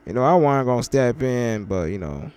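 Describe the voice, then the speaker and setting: A young man giving casual reaction commentary in relaxed slang, slowing down when he reads verses aloud. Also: mid-range voice, clean tone. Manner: laid-back slangy banter, reads scripture slowly. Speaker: commentary channel host. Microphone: headphones with mic.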